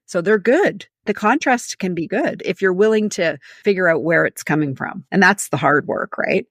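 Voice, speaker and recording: A woman's voice: lowish voice, expressive, moderate pace, no room sound, studio quality. A woman leadership coach, a guest on a podcast, giving advice in an emphatic, story-driven way. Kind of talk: conversational podcast interview.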